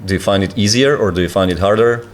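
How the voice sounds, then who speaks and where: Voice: low voice, fast talker, a little hiss or hum. A podcast host interviewing a guest in casual chat, giving lots of encouraging murmurs and dropping playful quips.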